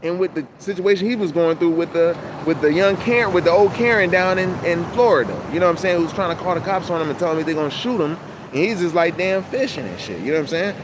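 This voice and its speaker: A man talking to camera in a casual, rambling monologue, animated and full of profane street slang, outdoors. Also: high-pitched, quick pace. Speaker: channel host. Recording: loud outdoor traffic noise.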